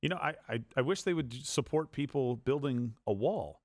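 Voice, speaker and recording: A man's voice: medium pitch, animated, moderate pace, no echo, studio quality. A male co-host bantering casually and tossing in wisecracks. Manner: wisecracking interjections.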